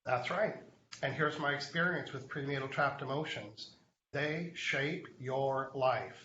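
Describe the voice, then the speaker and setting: A man's voice: medium pitch, measured pace, pushed and bright, echoey room, dull audio, slight background noise. A man hosting a live online show, telling a story in a chatty way and speaking straight to viewers. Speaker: host.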